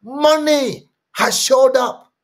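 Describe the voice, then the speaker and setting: A man voicing a grateful, excited middle-aged man on the phone who pleads and repeats his thanks. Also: extremely high pitch, very slow, pitched above the performer's own voice, exaggerated voice. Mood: eager, grateful. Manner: eager, pleading, repetitive thanks.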